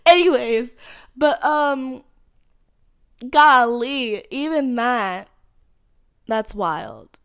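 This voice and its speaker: A woman's voice: a little high, lively intonation, slow, long pauses, fairly bright tone, smooth, dry recording, studio quality. A young woman, hosting a casual solo podcast, playful and rambling with slang and laughs. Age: 20s. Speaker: podcast host.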